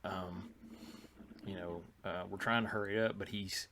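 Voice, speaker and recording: A man's voice: low-pitched, steady tone, a little slow, sharp tone, slight background noise. An older man, telling rambling anecdotes as a podcast co-host, with many fillers and restarts. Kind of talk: casual storytelling chat.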